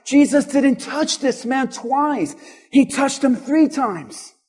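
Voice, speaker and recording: A man pastor preaching a sermon in a church, building up with repeated lines and at times shouting. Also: extremely high pitch, animated, slow pace.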